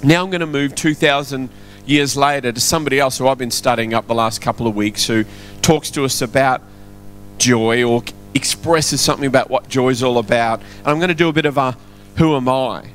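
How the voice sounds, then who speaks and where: A man's voice: mid-range voice, fairly quick. A man preaching a sermon in a church, chatty and quizzing the congregation. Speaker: pastor. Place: church hall. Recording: soft music behind.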